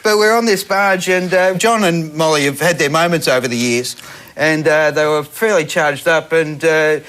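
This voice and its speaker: An Australian man hosting a comedy panel show, telling stories in animated, casual chat with acted-out quotes. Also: on the high side, moderate pace. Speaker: host.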